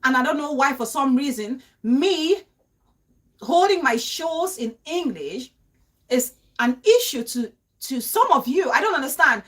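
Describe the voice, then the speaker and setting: A young adult woman with a Cameroonian accent hosts a live-stream vlog, reading viewer comments and making emphatic points she repeats as rhetorical questions. Her voice sits high and is expressive, a bit bright, and a little slow.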